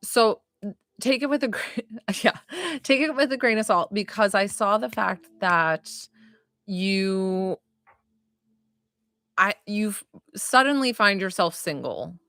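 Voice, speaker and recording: A woman's voice: mid-range voice, lively intonation, slow, long pauses, fairly bright tone, no echo, studio quality. A woman giving live-stream psychic readings, chatty and giggly, full of likes and ums. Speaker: psychic reader.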